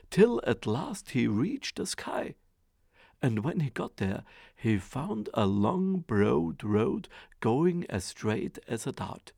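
Man storyteller for a fairy tale: slow, very gravelly, lively pitch, dry close sound. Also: no room sound. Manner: expressive, rhythmic storytelling.

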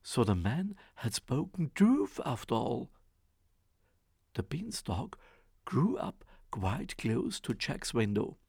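A man reading a fairy tale aloud, with expressive, rhythmic storytelling. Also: mid-range voice, slow pace, vocal fry, husky, no room sound, clean studio sound.

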